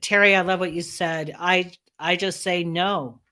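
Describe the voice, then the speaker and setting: A woman co-hosting a live online self-help show, chiming in with warm affirmations and laughs over a video call. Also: fairly low pitch, fairly even intonation, a little slow. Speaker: co-host.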